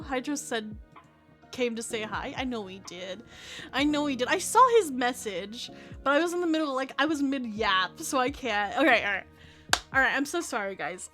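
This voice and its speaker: A woman's voice: on the high side, sharp tone. A woman, a streamer telling stories in a rambling, profane, laugh-filled way. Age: 30s. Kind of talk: casual storytelling chat.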